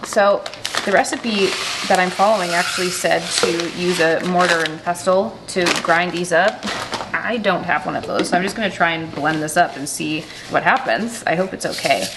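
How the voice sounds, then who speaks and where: A woman's voice: lowish voice, moderate pace, noisy background. A woman chatting casually as a vlogger in her home kitchen, bubbly and self-deprecating, talking into a handheld vlog camera.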